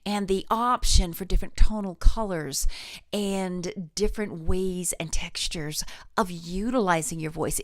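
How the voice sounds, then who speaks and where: A woman coaching singers in a live online lesson, her speaking voice ranging widely in pitch. She sounds close and dry, with no room around her. She encourages viewers warmly and talks them through each exercise. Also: dry recording. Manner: demonstrates vocal exercises, sings and slides between notes; encouraging, addresses viewers directly. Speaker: voice teacher.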